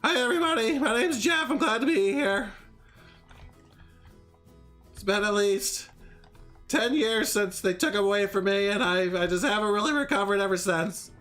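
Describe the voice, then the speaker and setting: Guy doing a squeaky sad little boy pony, super high and mopey. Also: normal speed, long pauses, bright, forceful tone, soft background music.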